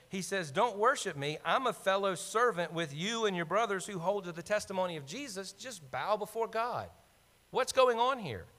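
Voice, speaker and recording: Man, pastor, high voice, animated conversational sermon, long hall reverb. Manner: animated, conversational preaching with asides to the congregation.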